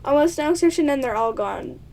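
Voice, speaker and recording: A woman's voice: high voice, expressive, fairly quick, a little mellow. A woman reading a choice-based text game aloud, stumbling over words and giggling through playful asides to her viewers. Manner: stumbles over words, often tongue-tied. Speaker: player of a text adventure game.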